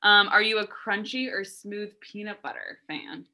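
A woman's voice: medium pitch, animated, normal speed, sharp tone. A woman co-host quizzing guests in an upbeat, chatty way, using many fillers. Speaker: podcast co-host. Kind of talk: casual chat, quizzing guests.

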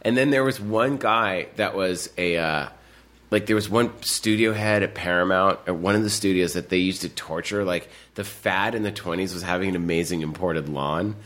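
A man's voice: deep voice, normal speed, fairly bright tone. A man telling stories in casual chat, rambling along with plenty of fillers and restarts. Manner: rambling anecdotal storytelling with many fillers. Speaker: podcast co-host telling stories.

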